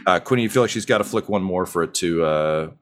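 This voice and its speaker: Young man, game master, low voice, halting, lots of ums. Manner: halting, many ums and uhs. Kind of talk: narrating a tabletop game.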